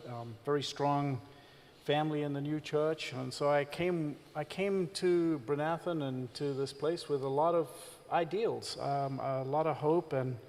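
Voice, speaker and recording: A man with a South African accent, a visiting reverend giving a candid personal testimony during a church service, speaking in a measured way with frequent pauses. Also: on the high side, long reverb tail. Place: church stage.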